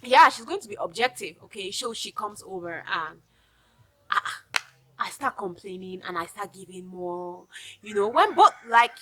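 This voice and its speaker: Nigerian woman, bright voice, talking straight to camera with emphatic advice. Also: medium pitch, animated, normal speed. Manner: chatty, emphatic, addresses viewers directly. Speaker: vlogger giving advice. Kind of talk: casual advice monologue.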